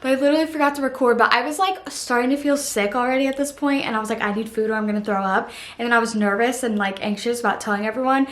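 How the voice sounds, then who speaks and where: Young woman vlogger, chatty storyteller, bright higher voice, roomy echo. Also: rapid-fire, hardly any pauses. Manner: chatty, lots of "like", giggly asides. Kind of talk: casual storytelling to camera.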